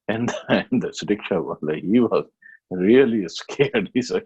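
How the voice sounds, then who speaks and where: A man giving a devotional scripture class, telling a story plainly with many pauses and restarts. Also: on the low side, expressive, darkish tone, husky, highs cut off.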